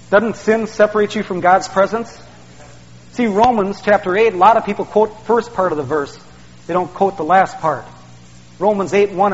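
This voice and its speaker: Folksy preacher man in a reverberant church. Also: high voice. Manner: folksy, calls out "man" and "see". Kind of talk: sermon. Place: church sanctuary. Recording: dull sound, long hall reverb.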